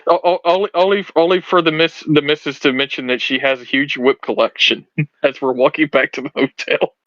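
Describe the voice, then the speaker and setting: A man's voice: fairly high pitch, fairly even intonation, a little fast, fairly bright tone, no room sound. Joking man on a dull lo-fi mic. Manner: joking, laughs between words. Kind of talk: casual livestream chat.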